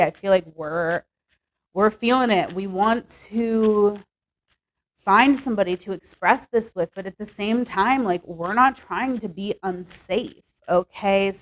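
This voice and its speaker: A woman's voice: medium pitch, rough recording. A young woman doing a casual tarot reading, talking chattily and upbeat with lots of "like" and "okay". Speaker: tarot reader.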